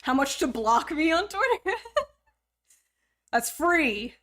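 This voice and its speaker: A woman's voice: high voice, very animated, slow, a bit bright. A young woman streamer chatting casually to her viewers, joking, rambling and poking fun at herself. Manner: joking, rambling, self-mocking. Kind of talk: casual live-stream chat.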